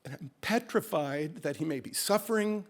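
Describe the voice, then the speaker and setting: A man with a voice a touch higher than most tells a personal story live from a stage into a microphone. His telling is animated and he drops in dry, deadpan exaggerations for laughs. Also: normal speed.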